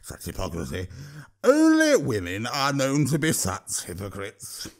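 A man's voice: mid-range voice, huge pitch swings, a little slow. A man reading an audiobook, voicing an arrogant, insulting male troll with a wet, slurping delivery. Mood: smug, scornful.

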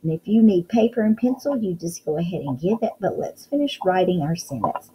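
A woman with a low, very dark and mellow voice talks slowly and patiently as she teaches children their letter sounds. She sounds each letter out and praises them often, with a faint hiss of noise behind her. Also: lively intonation, low-quality recording. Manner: slow, encouraging, sounds out letters. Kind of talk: children's phonics lesson.

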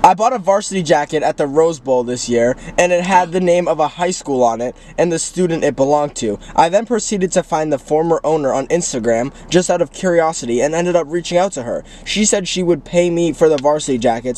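A man's voice: a little high, lively intonation, brisk, hardly any pauses, a little mellow. A young man co-hosting a casual chat in a car, reading viewer stories aloud and answering with a dry "correct.". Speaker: co-host reading viewer submissions. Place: inside a car.

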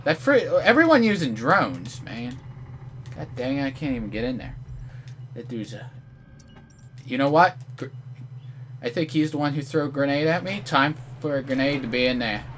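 A man giving live commentary over his own online shooter match, excitable and mock-outraged, trash-talking opponents. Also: medium pitch, normal speed, pauses often, slight background noise. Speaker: gameplay commentator.

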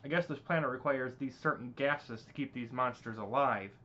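A man's voice: mid-range voice, normal speed, sharp tone. A man reading as Devon, the reporting pilot. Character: Devon, young male ship pilot reporting. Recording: dull lo-fi recording.

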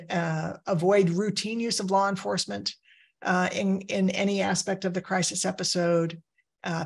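A woman presenting a training session in a relaxed, conversational way, weaving personal stories into her points. Her voice sits fairly low with a gravelly edge, and there is a husky grain to it throughout. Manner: conversational, storytelling with personal anecdotes. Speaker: crisis care trainer.

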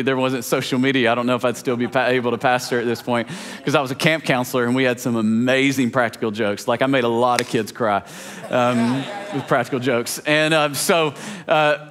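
A man preaching a sermon as a pastor, telling a family story in a chatty, lively way with many fillers and restarts. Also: medium pitch. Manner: lively storyteller, laughs along.

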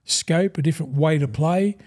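Telling long, wandering yarns at normal speed, an older Australian man who played front row in rugby league is the guest in a casual storytelling interview. His voice is mellow, dark-toned, and a little higher than typical for a man, and he keeps calling the host "mate" while taking on the voices of people from his stories.

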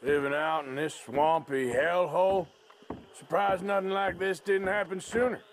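Arthur Morgan, gruff outlaw. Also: male voice, sits high, steady tone, normal speed, slight background noise. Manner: curt, dry and blunt. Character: gruff male outlaw gunslinger, blunt. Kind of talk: video game dialogue.

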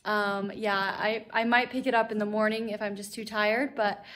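A woman's voice: medium pitch, little pitch movement, normal speed, a bit bright. A young woman chatting casually in a home vlog, giggly and full of fillers. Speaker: book vlogger. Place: home library room.

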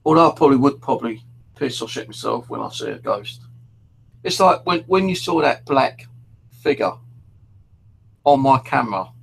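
A man's voice: medium pitch, gravelly, a little hiss or hum, rough recording. A middle-aged man hosting a paranormal stream from home, telling rambling stories casually and swearing freely. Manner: swears freely, storytelling with restarts. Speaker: paranormal livestream host.

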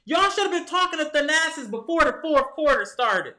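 A high, bright-toned man rants at his team, heated and exasperated, as if talking to the players themselves. His voice rings off the walls of an echoey room at home, picked up by a camera mic. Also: expressive, normal speed, few pauses. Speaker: sports vlogger. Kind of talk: ranting fan commentary.

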